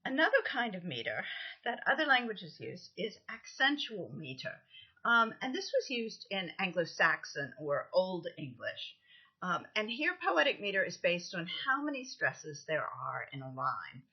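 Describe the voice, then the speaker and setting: Woman poetry lecturer, unhurried delivery, deliberate stressed readings, muffled recording. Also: fairly low pitch, big pitch swings, slightly rough. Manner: slow, deliberate reading aloud with strong stresses. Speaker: literature lecturer.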